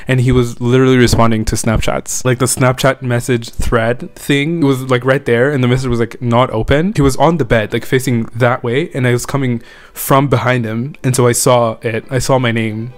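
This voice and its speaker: A young man chatting through a storytime vlog in a loose, rambling way. His voice sits at an everyday middle pitch, and he keeps circling back with "like" and asides to the listener. He sounds relaxed and unscripted. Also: normal speed. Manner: rambling, filler-heavy, frequent "like" and "you know what I mean". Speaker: vlogger telling a personal story. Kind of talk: casual storytime monologue.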